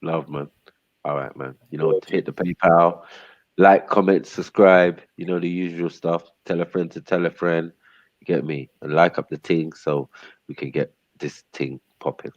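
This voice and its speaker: Man, very low voice, dry close sound, casual streetwise chat. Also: steady tone, normal speed, no echo, dull audio. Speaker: livestream host.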